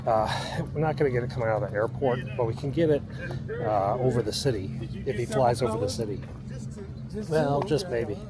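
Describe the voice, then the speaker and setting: A man's voice: mid-range voice, fairly quick, crowd noise. A man from the United States chatting straight to his viewers in a casual vlog while out walking and driving. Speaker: vlogger. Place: outdoors on city streets and in a car. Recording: outdoor street and traffic noise.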